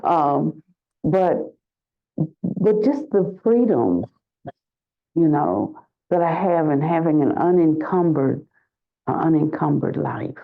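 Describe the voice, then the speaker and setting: An older woman gives a slow, unhurried dharma talk as a Buddhist teacher. She is reflective and pauses to search for words, then grows lively when she tells a story. The recording is dull and lo-fi. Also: sits low.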